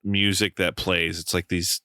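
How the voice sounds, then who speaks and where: A man co-hosting a podcast, telling an animated story in casual chat, swearing freely and using lots of fillers. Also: deep voice, unhurried, clean tone, no echo. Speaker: podcast co-host.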